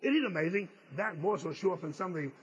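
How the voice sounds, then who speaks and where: A male preacher with a fairly high voice preaches a sermon. He tells his story earnestly and leans hard on key phrases. Now and then he stumbles and restarts his words. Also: lively intonation, fast, breathy edge, muffled recording. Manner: some stammered restarts.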